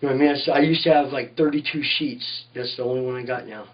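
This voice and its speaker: A man's voice: medium pitch, steady tone, fast talker, recorded from a distance, lo-fi sound. A man, a tattoo artist, telling shop stories in a rambling, profane way in a casual interview, often saying "you know what I mean".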